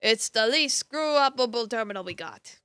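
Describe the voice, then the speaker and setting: A woman voicing an irritable old crone who runs an office, in a gruff put-on hag voice with a curt, scolding manner. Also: fairly high pitch, expressive, normal speed, bright, forceful tone, no room sound, studio quality.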